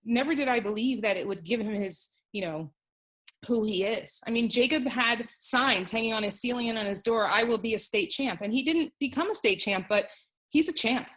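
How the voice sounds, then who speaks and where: A woman's voice: on the high side, moderate pace, fairly bright tone, low-quality recording. A woman, a wrestler's mother, speaking earnestly as a guest in a casual podcast interview over a video call.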